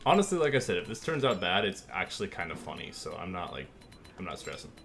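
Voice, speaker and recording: Low, gravelly and a bit bright, his voice has a sing-song quality and he talks fast. It's casual live-stream chat: he thinks aloud while working, rambles easily, uses plenty of fillers and thanks his viewers.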